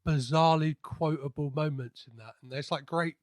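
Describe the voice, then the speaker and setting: The half-Greek host of a podcast has a slightly high, a little mellow voice with fairly even intonation and normal speed. His casual interview chat rambles, full of fillers and restarts.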